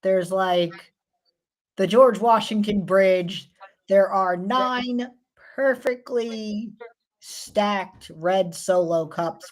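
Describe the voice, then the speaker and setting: A woman's voice: fairly low pitch, darkish tone. A woman with a New York accent co-hosting a casual livestream chat, talking in a rambling, self-interrupting way. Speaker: co-host.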